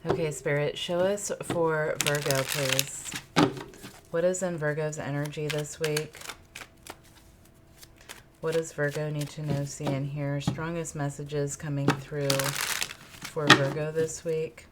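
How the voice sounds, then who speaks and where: Low-voiced woman giving a tarot reading. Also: flat delivery, slow, very noisy. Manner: repeats phrases, muses aloud, asks spirit questions. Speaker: tarot reader. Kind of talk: intuitive tarot reading monologue. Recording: card shuffling clicks in background.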